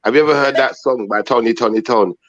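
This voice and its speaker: A man's voice: mid-range voice, quick pace, a bit bright, dry recording. A man hosting a live panel stream who butts in, mocks, and provokes. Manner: interrupting, mocking, provocative. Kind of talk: casual live-stream chat. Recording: dull lo-fi stream audio.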